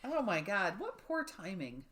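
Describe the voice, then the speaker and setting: A woman co-hosting a podcast, reacting with quick, giggly, animated remarks in casual chat. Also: mid-range voice, very noisy. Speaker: podcast co-host.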